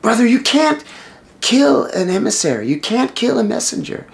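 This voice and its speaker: A man's voice: very high-pitched, big pitch swings, moderate pace, vocal fry, heavily acted. A male storyteller voicing a pious male demon who pleads urgently with his brother. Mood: pleading.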